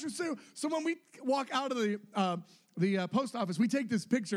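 A young man with a high, fairly quick voice tells a story about a mission trip in a casual way. He's animated, acting out what other people said with shifting voices.

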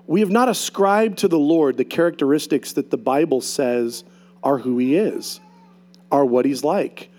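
A man preaching a sermon to his congregation as pastor, telling personal stories in an animated way. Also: on the high side. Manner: animated storyteller acting out voices.

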